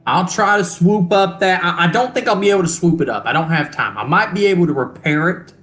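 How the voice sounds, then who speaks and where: A game master voicing a foul-mouthed male starship mechanic who swears freely and speaks in plain, folksy grammar. The voice swings widely in pitch, carries a bright edge, and sits in a roomy, echoing space. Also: expressive, a little fast, close to an everyday voice. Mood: defensive. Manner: blunt, profane, folksy grammar. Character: gruff crude male starship mechanic, fiercely protective of a classic ship. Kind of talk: tabletop role-play, game master voicing a character.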